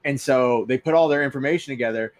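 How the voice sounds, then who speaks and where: A man's voice: medium pitch, quick pace. A man co-hosting a podcast, rambling through a recap of online drama with lots of fillers and cursing. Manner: rambling, profane, restarts and fillers. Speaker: co-host.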